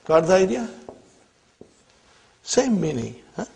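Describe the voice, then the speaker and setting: Guy teaching arabic grammar, super slow, raspy fry in his voice, keeps checking you follow. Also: sits high, very animated, darkish tone. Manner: repeats questions, checks understanding, says "huh?" often. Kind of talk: classroom lesson explanation.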